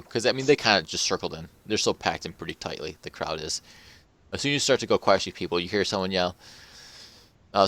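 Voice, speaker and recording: A man's voice: low-pitched, a bit bright, no echo. A man narrating as game master in a tabletop role-play session, rambling with many filler words. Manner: rambling, filler-heavy, with many "you know"s.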